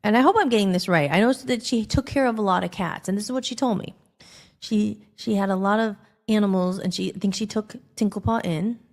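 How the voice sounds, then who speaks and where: A woman hosting a podcast, telling a personal story in a rambling, animated way, acting out the dialogue. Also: mid-range voice, fairly quick. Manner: rambling, animated, acts out quoted dialogue with filler "like". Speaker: podcast host.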